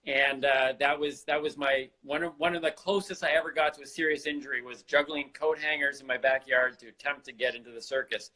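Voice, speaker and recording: A man's voice: mid-range voice, steady tone, brisk, few pauses, bright, forceful tone. Chatty man hosting a podcast. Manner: chatty, jokey, repeats words while thinking. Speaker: podcast host. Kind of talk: casual chat.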